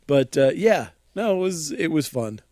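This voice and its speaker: A man co-hosting a podcast casually recaps a horror movie, laughing often and trailing off mid-thought. His voice is fairly high in pitch with a darkish tone, and there's no room sound.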